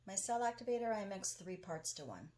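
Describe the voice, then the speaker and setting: A woman's voice: medium pitch, sing-song, brisk, warm tone. A woman hosting a casual crafting tutorial, chatting enthusiastically while she works in her home studio. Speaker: craft video host.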